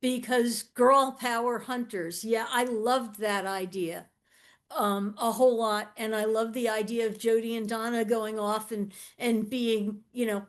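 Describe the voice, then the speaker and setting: Woman panelist, fairly high voice, eager and gushing in casual chat. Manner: enthusiastic, warm-hearted praise.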